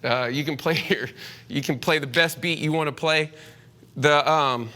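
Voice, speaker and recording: Bright, rambling man giving a talk. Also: fairly high pitch, measured pace. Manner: rambling, hesitant, with many fillers and restarts; chatty and candid, slips into slang. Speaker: speaker presenting to a room of real estate agents. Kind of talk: casual live talk.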